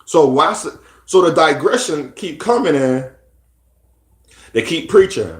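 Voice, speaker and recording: A man's voice: on the high side, very animated, unhurried, pauses often, reverberant. A man talking casually in a rambling, repetitive way, often restarting his sentences. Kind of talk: casual monologue.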